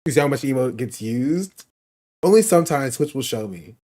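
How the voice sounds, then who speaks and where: A man's voice: mid-range voice, expressive, normal speed, mellow. A man hosting a stream, chatting casually with laughing asides. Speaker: streamer host.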